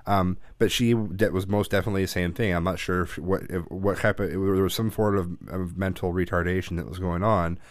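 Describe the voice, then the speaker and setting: A man in casual chat, telling a personal story with lots of restarts and swearing, getting loud and animated when he quotes his dad. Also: deep voice, fairly quick, few pauses, dry recording.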